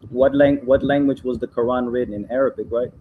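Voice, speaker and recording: A man in a casual heated debate, arguing his point, reading text aloud slowly and calling the other man "bro". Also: medium pitch, fairly even intonation, phone-quality sound, slight background noise.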